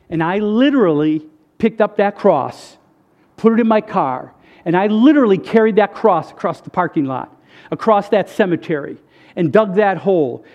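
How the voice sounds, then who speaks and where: A man's voice: sits high, a little mellow. A man giving a conversational sermon testimony, earnest and emphatic, speaking straight to the crowd. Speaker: speaker sharing a faith testimony.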